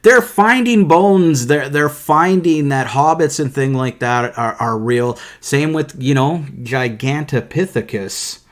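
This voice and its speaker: A man co-hosting a podcast, chatting casually and throwing in jokes and quick theories. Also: a little high. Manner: joking, animated asides. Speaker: podcast co-host.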